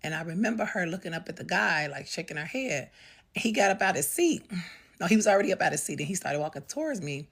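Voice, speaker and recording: A middle-aged woman speaks in a deep, breathy voice. She tells her story plainly, with pauses and fillers. Her delivery is raw and unpolished. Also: lively intonation. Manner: raw, halting, conversational with fillers. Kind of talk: candid personal storytime.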